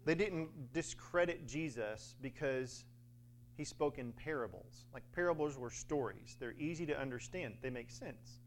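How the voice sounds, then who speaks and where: A man's voice: mid-range voice, animated, a little slow, slight background noise. A man preaching a sermon in a conversational way, with fillers and little acted-out quotes.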